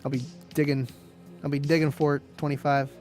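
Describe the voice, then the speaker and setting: A man's voice: on the high side, level tone, fairly quick, darkish tone, soft background music. A man hosting a live stream, chatting casually with viewers, laid-back and chatty, laughing often and calling people "man" and "dude".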